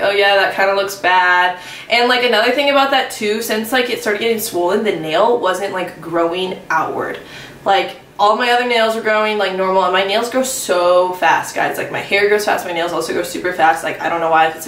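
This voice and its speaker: A woman's voice: medium pitch, fairly bright tone, roomy sound, distant mic. Woman, 20s, vlogger doing a chatty storytime, fillers everywhere, faint room hum behind. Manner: rambling, filler-heavy, self-mocking. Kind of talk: casual storytime.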